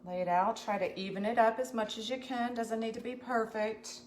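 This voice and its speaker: An American woman hosts a live craft tutorial, chatting with viewers in a folksy way as she works. Her voice is on the high side with a darkish tone, at a normal speed, with slight background noise.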